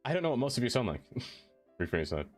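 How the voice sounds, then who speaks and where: A man's voice: mid-range voice, big pitch swings, quick pace, soft background music. A man live-streaming a city-building game, chatting casually with his viewers and laughing often.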